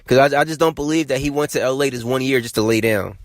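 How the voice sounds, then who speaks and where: A man hosting a sports podcast, talking in a casual, animated and emphatic way, often repeating himself. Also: medium pitch, fast, no echo. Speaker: podcast host.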